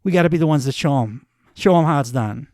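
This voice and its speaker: A man's voice: on the high side, fast talker, a little mellow, dry recording, clean studio sound, lightly acted. A man voicing a swaggering young male wrestler bragging about being the hottest new star.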